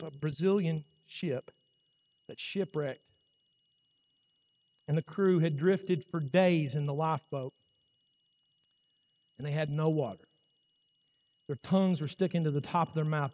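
High-voiced impassioned male preacher, echoing hall. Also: dull audio. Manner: impassioned, rising to loud cries then dropping low. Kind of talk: sermon.

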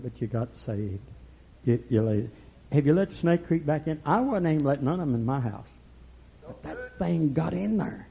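A man preaching a fiery, folksy sermon that swings from low murmurs to loud shouts. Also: gravelly. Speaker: pastor. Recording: lo-fi recording.

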